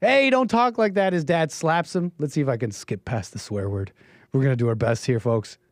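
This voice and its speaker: Rambling, chuckling stream host, dry sound. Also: male voice, medium pitch, animated, fairly quick, a little mellow, no echo. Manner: rambling, chuckling, self-interrupting. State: slightly sick. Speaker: livestream host. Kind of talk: casual call-in stream commentary.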